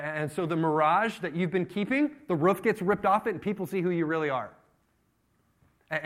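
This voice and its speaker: Preaching man with lively storytelling. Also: a little high. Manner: storytelling with acted-out voices and sudden loud outbursts. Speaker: pastor. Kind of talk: sermon.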